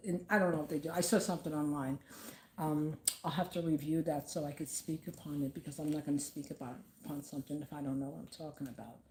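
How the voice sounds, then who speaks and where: A woman with a low, mellow voice talks to camera from her home. Her speech rambles and stops often, full of "um" and restarts. The room gives a roomy echo. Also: fairly even intonation, a little hiss or hum. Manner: rambling and halting, many fillers. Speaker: vlogger. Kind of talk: casual talk to camera about grief.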